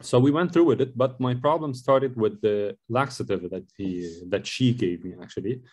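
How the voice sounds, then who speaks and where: A man, speaking at a mid pitch. He tells his story as an interview guest, rambling and restarting his sentences as he goes. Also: moderate pace, a little mellow. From Lebanon. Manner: rambling, with many fillers and restarts.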